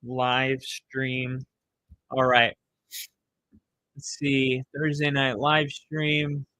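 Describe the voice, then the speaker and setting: A man's voice: medium pitch, level tone, drawn-out words, sharp tone, dry recording. A young man live streaming, chatting casually with viewers, rambling and swearing as he reads the chat.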